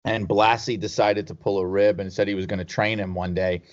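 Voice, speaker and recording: A man's voice: lowish voice, flat delivery, fairly quick. A man telling stories in a casual chat, rambling and laughing as he goes. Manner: rambling, laughs through anecdotes. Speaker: podcast guest. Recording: slightly dull lo-fi sound.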